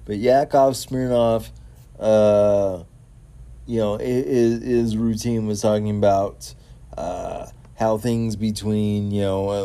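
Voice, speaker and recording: A man with a mellow, warm voice hosting his own wrestling talk show at an unhurried pace. He stumbles through fillers and repeats words, then gushes with enthusiasm about the week ahead. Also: lowish voice. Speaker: podcast host.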